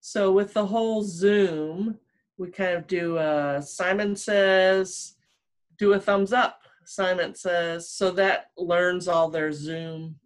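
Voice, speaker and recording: A woman's voice: fairly low pitch, fairly even intonation, takes it slowly. A woman trainer as a guest on a video call, speaking hesitantly and searching for words, with many ums. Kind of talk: casual video-call interview.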